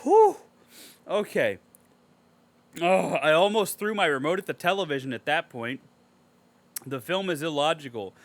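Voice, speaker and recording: A man's voice: fairly high pitch, a bit bright. A man co-hosting a casual podcast movie review, reading a review aloud and ranting at it with sarcastic, profane outbursts. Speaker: podcast co-host.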